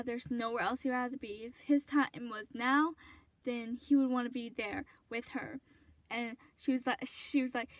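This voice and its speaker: A woman's voice: on the high side, dry recording. A woman hosting a fan video, retelling a favorite scene in a rambling, gushing way with lots of ums and restarts. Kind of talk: casual fan commentary vlog.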